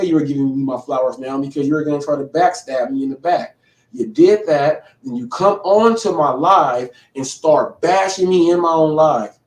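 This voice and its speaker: A man's voice: a little high, darkish tone, recorded from a distance. A man hosting a livestream, confrontationally calling out a rival in a rambling rant with frequent restarts. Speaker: livestream show host. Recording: echoey room, voice off-mic.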